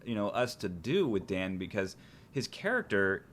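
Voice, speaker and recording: A man giving commentary on his own film in casual chat, speaking haltingly and often repeating his words. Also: on the low side, sing-song, fairly bright tone, a little hiss or hum.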